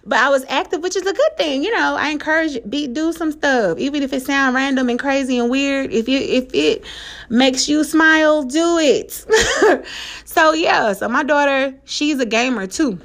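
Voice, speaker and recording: Lady, kinda high voice, animated, cussing and laughing while she tells a story. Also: normal speed. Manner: animated, swearing, laughing often, loud high outbursts. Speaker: mother telling a story. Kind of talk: casual storytelling vlog.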